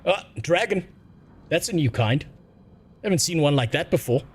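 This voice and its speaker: A man's voice: on the high side, animated, moderate pace, breathy edge. A man doing crude, joking casual gameplay commentary as a streamer.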